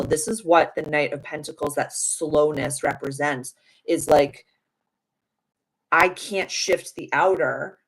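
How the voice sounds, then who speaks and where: On poor audio, a young adult woman with a low-pitched voice does a casual live tarot reading as a stream host. She's chatty and affirming, uses spiritual wording, and fills her speech with "like."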